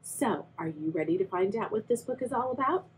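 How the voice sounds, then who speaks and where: A woman's voice: mid-range voice, expressive, fairly quick, slight background noise, low-quality recording. A young adult woman, a children's librarian, reading a picture book aloud and asking the young listeners questions. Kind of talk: read-aloud storytime for kids.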